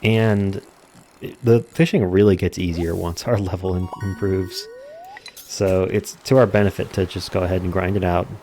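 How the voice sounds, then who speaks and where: A man giving casual let's-play commentary, calmly explaining game mechanics step by step. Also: sits low, normal speed, over music. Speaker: gameplay commentator.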